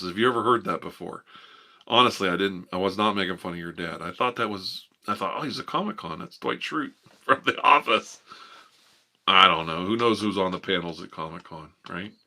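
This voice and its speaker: A man hosting a live ASMR stream, chatting softly and playfully with viewers and rambling. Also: lowish voice.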